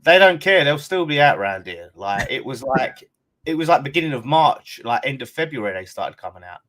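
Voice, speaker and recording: A man's voice: mid-range voice, big pitch swings, normal speed, fairly bright tone. A man hosting a live-streamed football fan chat, talking casually and swearing freely. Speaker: fan channel host.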